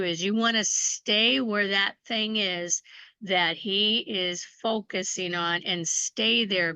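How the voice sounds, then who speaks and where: Brief: woman ministry teacher, unhurried and deliberate, bright clear tone, dry close sound. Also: medium pitch, dry recording, rough recording. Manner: slow, deliberate, encouraging. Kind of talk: teaching a faith course, reading a written covenant aloud.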